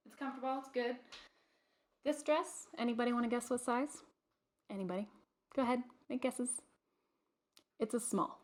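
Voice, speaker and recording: A woman's voice: fairly high pitch, steady tone, moderate pace, long pauses. A young adult woman hosting her own vlog, chatting casually to camera with lots of fillers and restarts. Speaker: vlog host.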